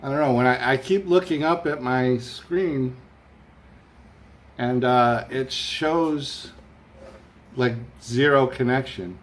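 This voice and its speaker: Reading viewer comments aloud and rambling on, a man hosts a laid-back live stream from his home room while a fan runs. His voice is mid-range, and he speaks slowly, pausing often.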